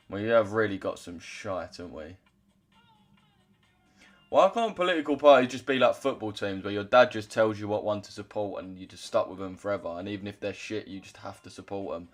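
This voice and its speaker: A man's voice: on the low side, fairly bright tone. A young man chatting casually on a trading livestream, loose and chatty, swearing now and then as he reads out chat.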